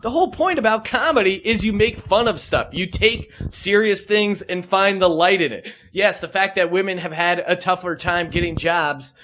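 A man's voice: sits high, a bit bright, slight background noise. A man hosting a podcast, ranting in casual chat with sarcastic asides. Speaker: podcast host.

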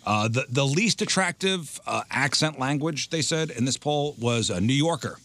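A man's voice: medium pitch, animated, moderate pace, a bit bright, no room sound. A man hosting a morning radio show, reading out poll results between jokes and laughing with his co-hosts. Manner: reads poll results aloud, laughs often.

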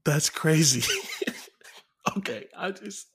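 A man with a slightly husky, breathy voice co-hosts a casual sports podcast. He rambles through football scores, jokes around and laughs often. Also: on the high side, expressive, slow. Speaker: podcast co-host.

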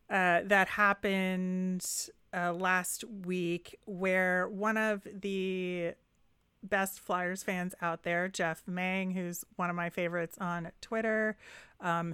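Woman podcast co-host, lower voice, smooth and clear, upbeat and chatty, dry close sound. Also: a bit bright, no echo. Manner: upbeat, chatty, laughs easily. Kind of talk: casual sports chat.

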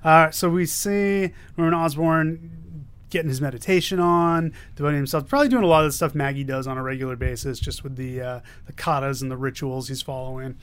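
A man co-hosting a casual chat, retelling a story in an animated, chuckling way. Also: fairly high pitch, fairly quick, smooth. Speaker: podcast co-host. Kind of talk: casual chat reviewing comics.

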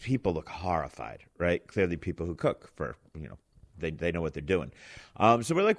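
A man's voice: low voice, a little fast. A man hosting, telling a casual story and acting out the quoted voices. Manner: animated, acts out quoted voices. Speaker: host.

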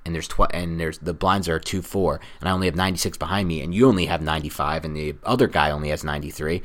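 A man's voice: a bass voice, fast talker. A man with a nasal voice co-hosting a sports podcast, chatting casually and explaining at length with teasing laughs. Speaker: podcast co-host.

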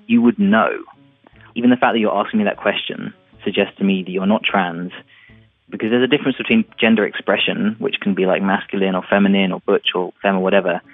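A man's voice: fairly low pitch, steady tone, fast, dry recording. A man speaking earnestly in a conversational interview, thoughtful with some restarts. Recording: tinny phone line with faint music.

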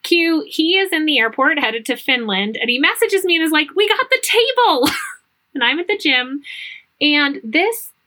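Bright, chatty woman co-host. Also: sits high, expressive, moderate pace. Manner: chatty, laughs easily. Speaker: podcast co-host. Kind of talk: casual chat.

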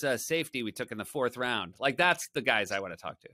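A man's voice: on the low side, animated, quick pace, sharp tone, dry recording. A man guest on a podcast, chatting casually and rambling with self-deprecating humor.

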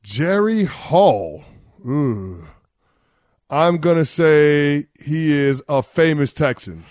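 Male sports radio co-host, lively pitch, dry close mic, playfully indignant. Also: extremely slow, no echo. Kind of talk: casual sports radio banter.

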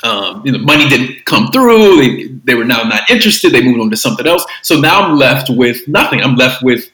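Male creative guest: bright tone, loose rambling delivery, roomy echo. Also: medium pitch, very animated, brisk. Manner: rambling, with many fillers and restarts. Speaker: filmmaker guest. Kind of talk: casual interview talk.

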